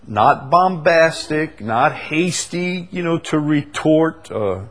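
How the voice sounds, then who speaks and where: A man leading a conversational Bible study, reading verses slowly and with weight, then explaining them with easy laughs. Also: on the high side. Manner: animated, stresses quoted verses slowly, laughs often. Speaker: Bible teacher.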